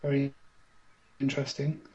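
A man's voice: mid-range voice, completely flat delivery, normal speed, a little mellow, lo-fi sound. A man hosting a podcast, running a mock game show with teasing, playful patter like a quiz commentator. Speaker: podcast host.

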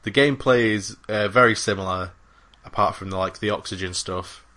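With a lowish, pushed and bright voice, a man talks briskly about games as a podcast co-host. His casual chat wanders, packed with fillers and restarted sentences.

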